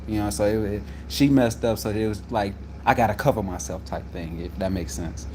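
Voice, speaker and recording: A man telling a story about a workplace conflict, getting loud when he acts out what was said. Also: lowish voice, brisk, a little hiss or hum. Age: adult. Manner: animated, loud when reenacting quotes. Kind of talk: casual storytelling to viewers.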